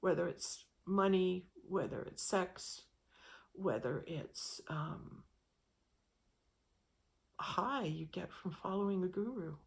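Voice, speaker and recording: A woman's voice: lowish voice, animated, takes it slowly, gravelly, long pauses. A woman giving an informal spiritual talk, speaking in a reflective, meandering way with frequent restarts.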